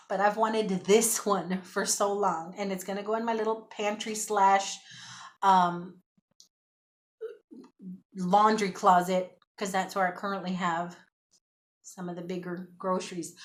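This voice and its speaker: Chatty, excitable woman vlogger. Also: medium pitch, unhurried, pauses often. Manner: chatty and excitable, talks to viewers as y'all. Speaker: thrift haul vlogger. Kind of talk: casual chat to camera.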